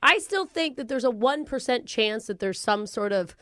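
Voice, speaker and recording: A woman's voice: on the high side, expressive, normal speed, sharp tone. A woman co-hosting a radio show, chatty and reasoning aloud. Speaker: radio co-host. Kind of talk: morning radio show banter.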